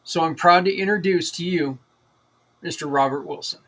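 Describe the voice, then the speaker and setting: Middle-aged male host, slightly high voice, rambling and enthusiastic. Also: moderate pace, fairly bright tone. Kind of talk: casual livestream talk.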